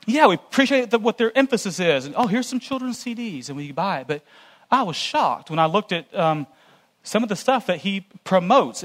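A man with a fairly high voice speaks to a church gathering in an earnest, cautionary tone. His sermon-style lecture is conversational, addressed directly to the congregation.

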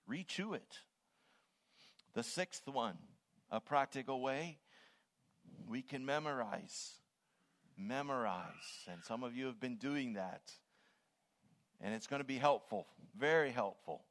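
An older man preaching a sermon, stressing single words and swelling loud when he quotes scripture. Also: mid-range voice, lively intonation, unhurried, long pauses.

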